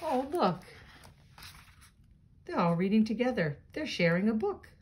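A woman reading a picture book aloud to children, adding gentle, chatty asides for her young listeners. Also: mid-range voice, very animated, brisk, a little hiss or hum.

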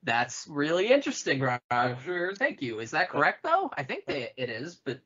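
A man's voice: a little high, wildly swooping pitch, moderate pace, bright, forceful tone, slightly rough. A man co-hosting a podcast, chatting casually and reading reviews aloud with joking asides. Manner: playful, joking, reads quotes with asides. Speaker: podcast co-host. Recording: dull lo-fi sound.

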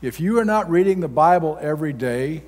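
A man pastor with a slightly high, expressive voice preaches briskly in a folksy, blunt manner, erupting into loud outbursts without warning. The sound has the long reverb typical of a large church hall.

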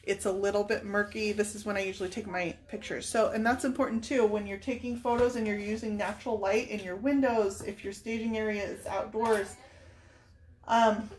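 A woman's voice: medium pitch, fairly even intonation, normal speed. Chatty woman painting furniture on camera. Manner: chatty, thinks aloud while working. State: tearful at times. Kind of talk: casual live painting demo.

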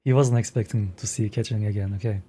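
A man hosting a reaction video, excited and laughing as he talks at the screen in casual commentary. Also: on the low side, fast talker, loud music behind the voice. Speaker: reaction channel host.

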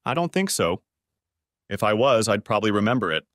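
A man voicing a confident, charming young woman who talks in a smooth, self-assured way. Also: fairly low pitch, very animated, brisk, fairly bright tone, dry recording, clean studio sound.

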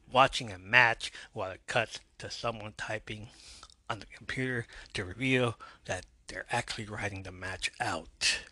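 A man's voice: medium pitch, pushed and bright, dry recording. A man hosting a podcast, casually recapping a TV episode with wry asides. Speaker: podcast host.

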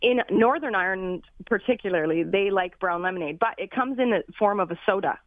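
A woman's voice: mid-range voice, brisk, no room sound. A woman chef, a guest on a radio show, upbeat and laughing as she explains recipes over the phone. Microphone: phone line. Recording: tinny phone line.

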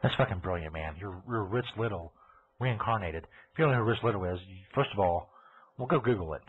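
A man's voice: on the low side, lively intonation, fairly quick, very noisy. A man hosting a live podcast, ranting crudely and sarcastically. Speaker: podcast host. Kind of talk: profane live podcast rant. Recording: tinny phone-like audio.

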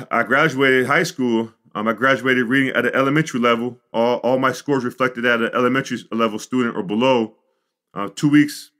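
A middle-aged man from the Chicago suburbs, a podcast guest telling his life story in an animated way, with frequent "you know" and "like". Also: mid-range voice. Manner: animated storyteller, acts out quotes. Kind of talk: storytelling interview.

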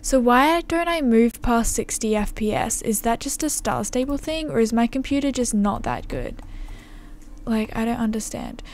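Casting: bubbly woman gamer commentating her play, gushing, fairly high voice, desktop mic. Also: very animated, moderate pace, darkish tone, slight background noise. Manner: bubbly, gushing, says "like" and "oh my god" a lot. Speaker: gaming YouTuber. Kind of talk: gameplay commentary. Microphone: desktop microphone.

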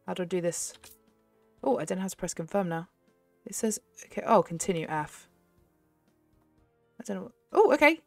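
A young woman host chatting excitedly as she plays a game, often laughing. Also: fairly low pitch, normal speed, gravelly, long pauses, no room sound, soft background music. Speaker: gaming channel host. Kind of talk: casual gameplay commentary.

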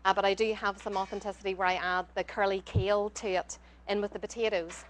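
An Irish woman, a guest cookbook author, chats on a cooking class in a mid-pitched voice. She talks earnestly and restarts her sentences often. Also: flat delivery, fast talker. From Ireland. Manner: earnest, with frequent restarts and fillers. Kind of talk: casual cooking class chat.

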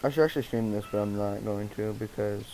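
A man's voice: on the low side, fast, warm tone, a little hiss or hum, poor audio. A young man chatting with friends on a close mic, giggling and egging them on. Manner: giggly, eggs the others on. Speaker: streamer. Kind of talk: casual chat with friends. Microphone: mic too close.

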